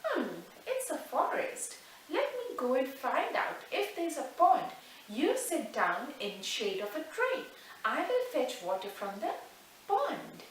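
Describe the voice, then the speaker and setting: A woman voicing a young, dutiful son who speaks softly and pleadingly in a storybook tale. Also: sits high, huge pitch swings, slow, full character voice. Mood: gentle. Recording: echoey room, distant mic, faint hiss.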